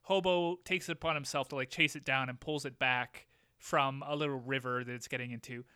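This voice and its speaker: A man's voice: mid-range voice, steady tone, a little fast, pushed and bright, clear, resonant tone, no echo, clean studio sound. A man co-hosting a podcast, joking casually as he recaps an old TV episode. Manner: joking, playful, acts out quotes. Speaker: podcast co-host.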